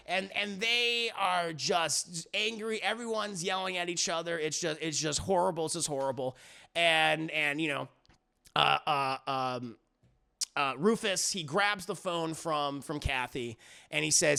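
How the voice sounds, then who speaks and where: A man's voice: sits high, moderate pace, gravelly, sharp tone. A man reviewing music on a live stream, recapping a story in a rambling, profane way, with many fillers and restarts.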